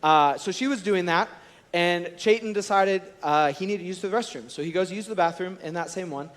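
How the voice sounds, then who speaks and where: Storytelling young pastor in a reverberant hall. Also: male voice, high-pitched, fairly quick. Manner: storytelling, animated and conversational. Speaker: college and students director. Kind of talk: sermon. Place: large church auditorium.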